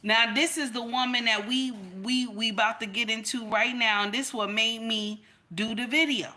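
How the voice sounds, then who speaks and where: A woman's voice: on the high side, fairly even intonation, moderate pace, pushed and bright. A woman hosting a reaction video, giving casual commentary in an emphatic, preachy way that repeats phrases for effect.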